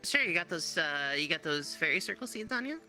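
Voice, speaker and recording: A woman's voice: deep voice, animated, fairly quick, pushed and bright, soft background music. A woman in an online roleplay, playing a character and narrating as game master, stammering and rambling as she talks. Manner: stammering, rambling, restarts a lot. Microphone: online voice chat.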